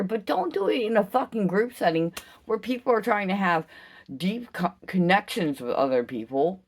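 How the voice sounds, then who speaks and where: A woman giving an impassioned solo vlog rant, emphatic and profane, swinging from loud outbursts to low, slow musing. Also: sing-song. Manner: intense, emphatic, heavy swearing. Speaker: vlogger.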